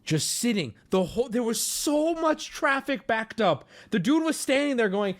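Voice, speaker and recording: Animated high-voiced man telling a story. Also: moderate pace, hardly any pauses. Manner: animated, rambling, acts out the people in his stories. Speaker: streamer. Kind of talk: casual storytelling to a live chat.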